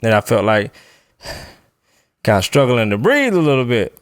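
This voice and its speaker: Man, casual storytelling, animated, laughs a lot, dry close sound. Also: medium pitch, normal speed, smooth, no echo. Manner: animated, laughs often, acts out quoted voices.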